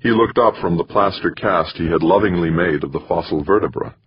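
A man reading an audiobook in measured, expressive scripted narration, on a slightly muffled recording. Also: deep voice.

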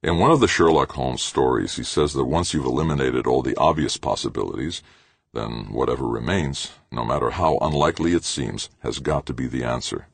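A man voicing a thoughtful male investigator who explains his reasoning calmly. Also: a bass voice, brisk, vocal fry, husky, no room sound, heavily acted. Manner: calm and explanatory.

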